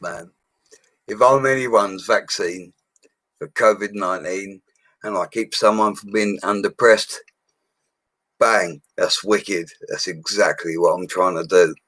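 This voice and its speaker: A man's voice: deep voice, fairly bright tone, breathy edge, no echo, low-quality recording. A man of forty, chatting casually and rambling on a live stream, with plenty of slang. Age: 40s.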